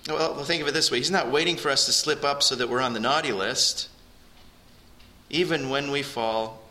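Bright-voiced male pastor preaching earnestly. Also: mid-range voice. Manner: earnest, rising emphasis on key phrases. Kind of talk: sermon.

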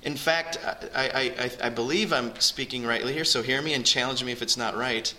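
Bright-toned man preaching a sermon. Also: brisk, a little hiss or hum, low-quality recording. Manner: earnest, rises in pitch and volume for emphasis, addresses the congregation directly. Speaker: pastor. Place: church.

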